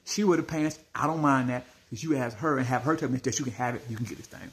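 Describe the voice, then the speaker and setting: A man telling a story to his viewers in a blunt, animated way, calling them family. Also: medium pitch, quick pace. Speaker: small business owner vlogging.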